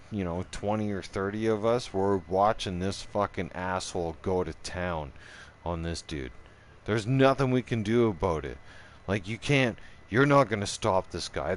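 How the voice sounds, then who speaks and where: A man hosting his own channel, telling a rough story in casual chat. He swears a lot, rambles, restarts his sentences and keeps checking in with "right?". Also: fairly low pitch.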